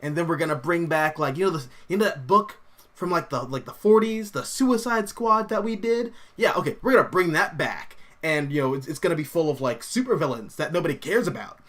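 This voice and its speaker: A man's voice: on the high side, a little fast. A young man hosting a casual comics livestream, rambling animatedly and reading viewer comments aloud. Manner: rambling and animated, full of fillers and laughs.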